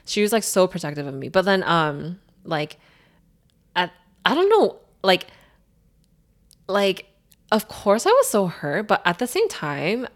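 A young woman with a slightly low voice tells a long story in a relaxed, chatty way. She rambles, circling back and packing her sentences with fillers. The talk is loose and unscripted. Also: measured pace, pauses often. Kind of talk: casual chat.

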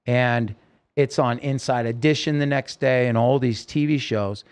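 A man's voice: mid-range voice, fairly even intonation, measured pace, a little mellow, clear, resonant tone. A man telling his story as a podcast guest, rambling and emotional, with many fillers. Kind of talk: casual storytelling interview.

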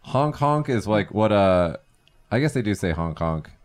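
A male podcast host who chats casually, with a lively, bouncing pitch. He fills his pauses with "uh" and restarts sentences as he goes. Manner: chatty, full of fillers and restarts.

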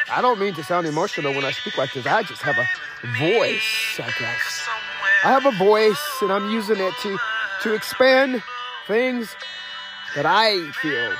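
A man hosting his own talk show, giving an emphatic monologue that sounds like a sermon, hammering home the same phrases again and again. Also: high-pitched. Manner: repetitive, emphatic, preacher-like. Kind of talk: impassioned solo monologue. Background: music.

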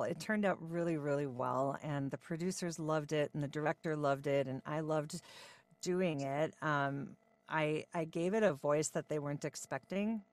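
A woman in her forties with a low voice talks about her voice-over work as an interview guest. She sounds upbeat and chatty, with plenty of ums. Her delivery stays easygoing and conversational. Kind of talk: podcast interview.

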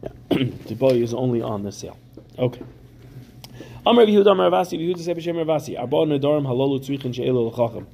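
A man's voice: medium pitch, fast, warm tone, a little hiss or hum. A man giving a Talmud class to students, reading the Aramaic text and explaining it in casual English with everyday examples. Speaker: Talmud teacher.

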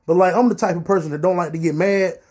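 Young dude on his podcast, highish mellow voice, cussing a lot, super animated storytelling. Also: fast, breathy edge. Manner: animated, profane, slangy storytelling. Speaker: podcast host. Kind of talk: casual storytelling.

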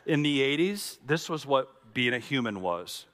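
A middle-aged man, a pastor preaching a sermon with dramatic storytelling, swinging from loud to hushed. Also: medium pitch, sing-song, a little slow.

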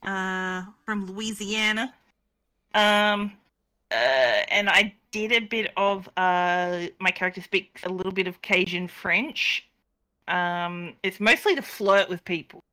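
A woman's voice: medium pitch, takes it slowly, sharp tone. A woman chatting casually on a gaming podcast, giggly and hesitant, with many fillers. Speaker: roleplay player, podcast guest.

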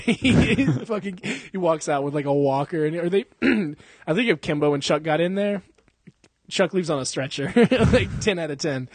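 Laughing, profane young man with a husky voice. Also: a little high, dry recording. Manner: profane, laughing, animated storytelling. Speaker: podcast host. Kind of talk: casual chat.

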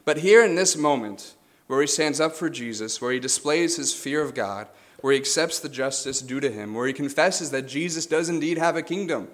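A man preaching a sermon in an earnest, measured way, now and then correcting himself. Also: on the high side.

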